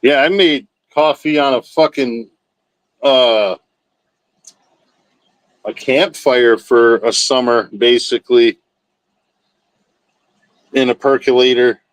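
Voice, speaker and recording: A man's voice: mid-range voice, slow, pauses often, no room sound, poor audio. A man hosting a livestream, chatting casually with viewers in a rambling, profane, laid-back way. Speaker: livestream host. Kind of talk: casual chat with live chat.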